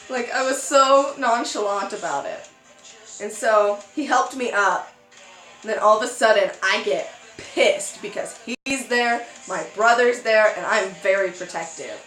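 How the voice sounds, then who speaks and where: A young woman vlogger telling a story in a casual chat, animated and acting out quotes. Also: a little slow, reverberant, soft background music, rough recording. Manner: animated, acts out quotes with sudden high squeals.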